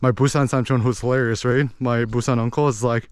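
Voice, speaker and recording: An American man talking in a rambling, animated way as he vlogs outdoors in a village, with lots of fillers. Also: medium pitch, fast talker, few pauses, clear, resonant tone, no room sound. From United States. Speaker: vlogger. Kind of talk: casual walking vlog monologue.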